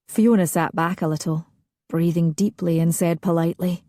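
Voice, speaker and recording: A woman narrating a romance audiobook in a soft, intimate, unhurried reading. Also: fairly low pitch, steady tone, dry recording, studio quality.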